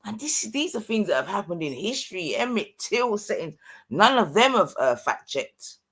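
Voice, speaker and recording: A man's voice: sits high, sing-song, moderate pace, a bit bright, husky. A young man, ranting in heated casual talk with street slang, exasperated and repetitive. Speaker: streamer.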